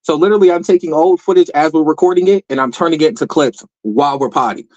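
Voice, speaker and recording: A man hosting a podcast, signing off in a hyped, slangy way and reeling off shout-outs. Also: a little high, fast, dull audio. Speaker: podcast host. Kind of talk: casual podcast sign-off.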